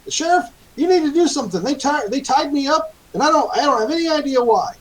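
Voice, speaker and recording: A man's voice: very high-pitched, lively intonation, fast talker, distant mic, slight background noise, pitched above the performer's own voice, rough recording. A man voicing a confused male prisoner with a put-on Southern accent, stammering protests. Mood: panicked.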